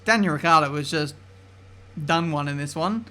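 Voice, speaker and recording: Excitable man commentating a race game. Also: fairly high pitch, moderate pace. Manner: chatty, excitable, swears mildly. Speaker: gaming video creator. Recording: game music behind voice.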